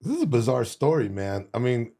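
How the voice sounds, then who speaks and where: A man's voice: medium pitch, big pitch swings, brisk, vocal fry, dark tone. A man hosting a podcast, eagerly cutting in with questions and laughing along. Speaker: podcast host. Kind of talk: casual interview.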